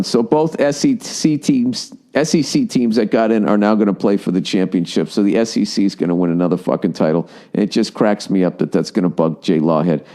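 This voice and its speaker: A man's voice: on the low side, mellow. Brief: a male comedian ranting alone, swearing and exasperated. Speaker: podcast host. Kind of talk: comedic solo rant.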